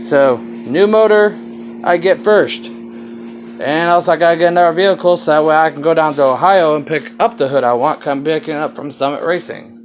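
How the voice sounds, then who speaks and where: A man's voice: fairly high pitch, normal speed. Guy w a bit of a southern twang rambling about his car project, casual phone video, kinda muffled, some faint noise outside. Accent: slight Southern US. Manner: rambling, casual, swears offhandedly. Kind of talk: casual walkaround vlog.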